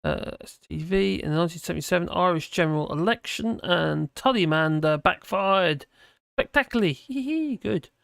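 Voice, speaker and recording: A man's voice: on the high side, normal speed, gravelly, a bit bright, clean tone, dry recording, studio quality. A tired man hosting a livestream, rambling casually through viewer chat and slurring his words a little. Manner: rambling, with frequent restarts and fillers.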